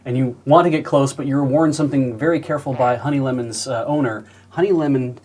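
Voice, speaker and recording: A man's voice: medium pitch, a little fast, darkish tone. A man playing a storytelling card game on a stream, telling a short setup with dry, teasing timing. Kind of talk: casual improvised storytelling.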